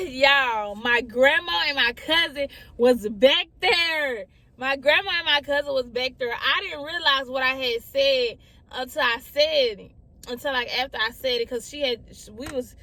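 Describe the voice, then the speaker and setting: A young woman vlogger tells a personal story in a high-pitched, bright, forceful voice. She's casual and chatty, repeats herself often, and speaks directly to her listeners.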